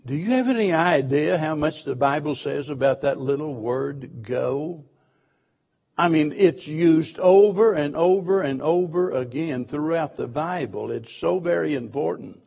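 A man's voice: a little high, a little slow, creaky, darkish tone, breathy edge. A man preaching a sermon to his church, emphatic, repeating key phrases and asking the listeners questions.

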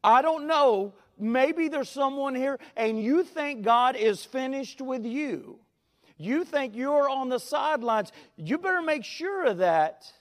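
A man with a very high voice preaches a sermon in a large hall. His style is folksy and full of stories, and he draws out key words.

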